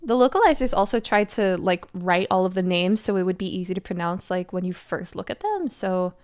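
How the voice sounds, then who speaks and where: A woman's voice: medium pitch, animated, brisk. Chatty woman streamer. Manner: chatty, explanatory. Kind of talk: casual chat while playing a game.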